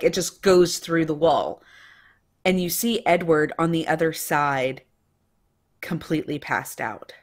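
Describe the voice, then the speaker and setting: A woman narrating a tabletop game as game master, in a relaxed, casual way. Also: low voice.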